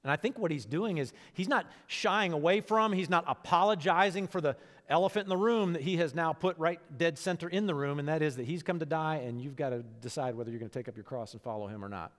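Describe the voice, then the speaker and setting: A man preaching a sermon as pastor, talking conversationally and swinging between hushed, low moments and lively, animated bursts. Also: fast talker. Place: church sanctuary. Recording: long hall reverb.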